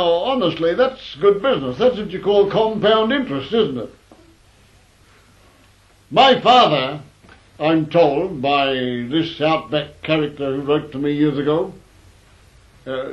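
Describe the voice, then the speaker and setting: New man, storyteller, wry rambling yarns, fairly high voice, dull lo-fi recording. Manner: wry, rambling, with fillers and restarts. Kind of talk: anecdotal storytelling.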